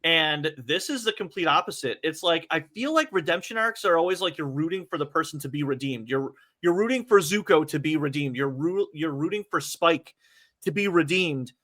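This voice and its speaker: Bright-toned guy on a podcast, swears a lot, pretty emphatic. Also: a little high, animated, normal speed. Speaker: podcast co-host. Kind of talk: casual podcast chat.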